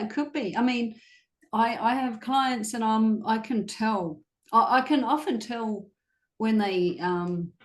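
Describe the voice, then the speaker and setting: Chatty woman dog trainer, echoey room. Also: medium pitch. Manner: chatty, laughs often, many fillers. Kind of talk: casual conversational chat.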